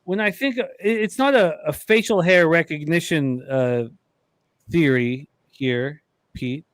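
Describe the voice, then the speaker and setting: A man's voice: on the high side, unhurried, no echo. A man, co-hosting a sports chat and telling a rambling, profane story with laughs. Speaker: podcast co-host.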